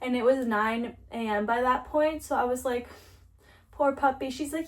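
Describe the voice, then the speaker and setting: Animated young woman telling a story. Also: sits high, moderate pace. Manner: animated, acts out quoted voices. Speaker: lifestyle vlogger. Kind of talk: casual storytelling while cleaning.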